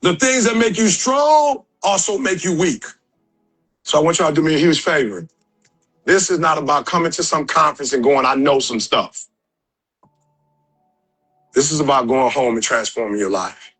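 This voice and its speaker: A man giving a motivational speech to a live audience, casual and slangy, building up to emphatic shouted calls to action. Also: on the high side, moderate pace, soft background music, poor audio. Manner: emphatic and conversational, with slang and rising shouted exhortations. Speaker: motivational speaker.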